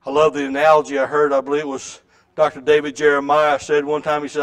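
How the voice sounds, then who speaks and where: A middle-aged man preaching a sermon in a church, with a folksy storytelling way that swings between loud and soft. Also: fairly high pitch, completely flat delivery, quick pace. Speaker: pastor. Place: church sanctuary.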